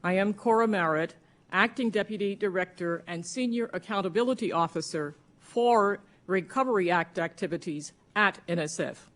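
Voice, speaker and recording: A woman agency official reading her prepared testimony to a congressional panel in a measured, formal way. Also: medium pitch, fairly bright tone.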